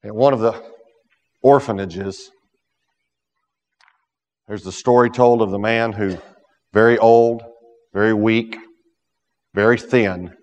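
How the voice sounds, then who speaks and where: A man preaching a sermon, swinging from loud emphatic peaks to hushed storytelling. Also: lowish voice. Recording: long hall reverb.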